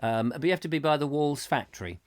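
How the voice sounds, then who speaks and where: A man's voice: on the high side, expressive, fast. A man hosting a live comedy chat show, rambling whimsically and reading out viewer comments. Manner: whimsical, silly, reads viewer comments aloud. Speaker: host.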